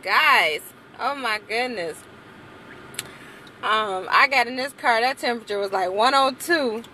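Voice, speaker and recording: Young woman chatting to her viewers in her car, bright voice, talks slow, faint car noise behind. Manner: animated, playful, with high exclamations. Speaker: vlogger. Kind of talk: casual chat to viewers. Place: inside a car.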